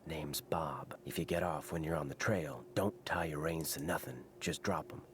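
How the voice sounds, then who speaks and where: Gruff wrangler, clipped country talk, very low voice, game. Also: male voice, moderate pace, fairly bright tone, a little hiss or hum. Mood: stern. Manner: laconic, clipped country drawl. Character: gruff male ranch head wrangler, terse. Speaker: video game character.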